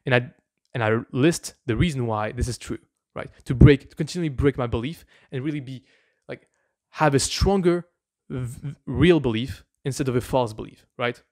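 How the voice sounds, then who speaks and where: A man's voice: medium pitch, normal speed, a little mellow. A man giving a motivational self-help lesson to camera, speaking earnestly and informally with frequent restarts and "right?" asides. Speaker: mindset coach.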